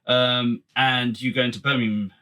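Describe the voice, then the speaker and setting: A podcast host who keeps the interview going with encouraging follow-up questions and a quick, informal manner. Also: mid-range voice, little pitch movement, pushed and bright. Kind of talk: casual interview chat.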